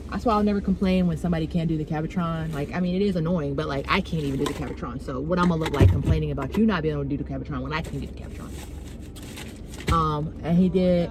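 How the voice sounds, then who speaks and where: A woman's voice: deep voice, rough recording. A woman dental hygienist chatting casually in a vlog, blunt and profane, acting out conversations. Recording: music playing behind.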